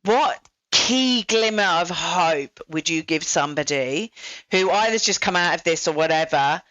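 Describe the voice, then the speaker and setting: A woman's voice: fairly low pitch, expressive, a little slow, fairly bright tone, no echo. Aussie lady hosting a podcast, chatty with lots of fillers, dull dry sound. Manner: chatty, many fillers like "you know". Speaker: podcast host. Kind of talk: casual interview chat.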